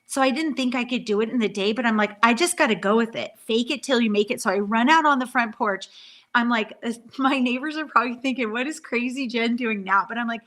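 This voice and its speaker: A woman's voice: fairly high pitch, a little fast, a bit bright. A middle-aged woman telling a long personal story on a live stream, earnest and rambling with many restarts. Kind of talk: casual storytelling.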